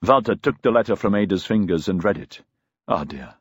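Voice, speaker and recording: A man's voice: fairly low pitch, fast, breathy edge, dry recording, clean studio sound. A man narrating a novel as an audiobook, telling the story expressively.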